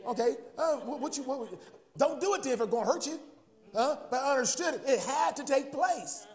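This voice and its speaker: A high-voiced American man preaches to his congregation. He stumbles over repeated words and keeps tossing out questions to the listeners. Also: brisk, darkish tone. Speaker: pastor. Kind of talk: sermon.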